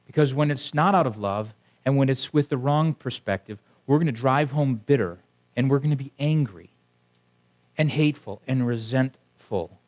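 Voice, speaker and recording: A man's voice: mid-range voice, normal speed, darkish tone. A male pastor preaching a sermon to his congregation. He keeps it conversational and often stops to ask the people in front of him questions. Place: church sanctuary before a congregation.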